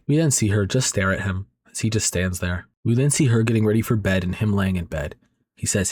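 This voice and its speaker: Low-voiced casual recap narrator, man. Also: fairly quick, a little mellow, no room sound, clean studio sound. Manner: chatty, talks straight to viewers, many fillers.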